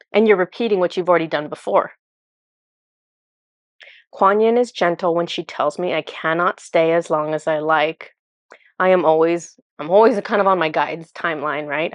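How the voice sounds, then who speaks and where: A woman's voice: lowish voice, dry recording. A woman casually retelling a spiritual vision as a channeler, chatty and full of fillers, laughing at herself.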